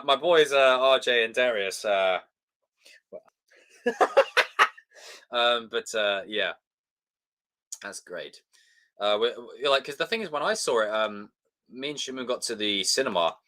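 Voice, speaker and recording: A man chatting casually on a live stream, excitable and swearing freely as he talks to his chat. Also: mid-range voice, a little fast.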